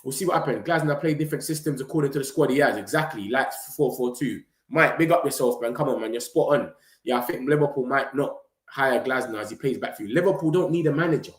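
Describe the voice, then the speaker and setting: A young man, chatting casually and excitedly to his viewers in street slang, running his words together. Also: medium pitch. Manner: excitable, slangy, rapid run-on talk. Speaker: football vlogger streaming to viewers. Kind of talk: casual live-stream chat. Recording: roomy echo.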